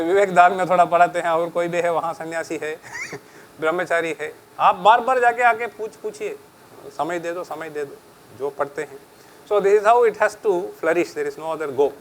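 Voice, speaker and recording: Fast, high-voiced Indian man lecturing. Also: slight background noise, poor audio. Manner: chatty, switches between English and Hindi, laughs often. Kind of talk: public lecture.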